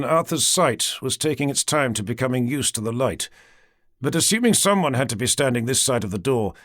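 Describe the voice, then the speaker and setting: A male audiobook narrator reads in a measured, dramatic style, his pitch rising and falling with lively range. His middle-pitched voice is recorded close in a dry studio. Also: no room sound.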